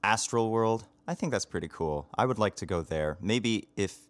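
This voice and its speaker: A man with a fairly low voice chats eagerly in a casual video message, dropping ums and small laughs as he goes. The sound is dry and close, with no room echo. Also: expressive, moderate pace. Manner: chatty, enthusiastic, with frequent ums and laughs. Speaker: voice actor.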